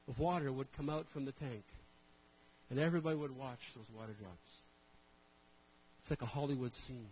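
A man preaching a sermon, telling stories in an animated way and calling out to the congregation. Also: mid-range voice, normal speed, long pauses, a little hiss or hum, poor audio. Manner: animated storytelling, calls to the congregation. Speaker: pastor.

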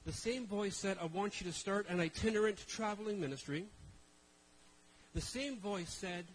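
High-voiced man preaching with wry humor. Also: normal speed, a little hiss or hum, low-quality recording. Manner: conversational, self-deprecating humor with rhetorical questions. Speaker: traveling minister. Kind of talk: sermon to a live congregation.

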